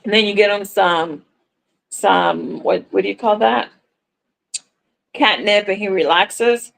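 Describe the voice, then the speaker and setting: A woman talks on a crochet livestream and tells a story in a casual, chatty way. She acts out the voices of the people in the story and swears now and then. Her voice sits at a middle pitch. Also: takes it slowly, vocal fry, a bit bright, low-quality recording. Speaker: crochet content creator on a livestream.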